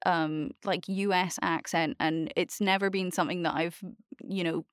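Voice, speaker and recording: A woman's voice: on the low side, steady tone, moderate pace, smooth, no room sound, studio quality. A woman with a Scottish accent chatting casually, teasing and laughing often. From Scotland. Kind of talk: casual chat.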